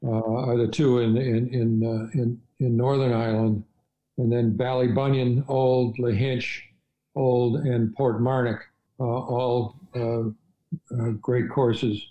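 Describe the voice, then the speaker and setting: An older man recounts his travels in a relaxed, mellow voice. He rambles along with frequent "uh"s and restarts, like a guest in a casual chat. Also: medium pitch, takes it slowly, lo-fi sound. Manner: rambling, many fillers and restarts. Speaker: podcast guest. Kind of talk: casual storytelling interview.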